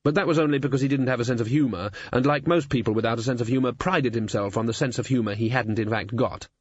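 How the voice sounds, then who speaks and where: A man narrating an audiobook in an expressive, measured reading voice. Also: mid-range voice, husky, no echo. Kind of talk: scripted narration. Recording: slightly dull, dry studio sound.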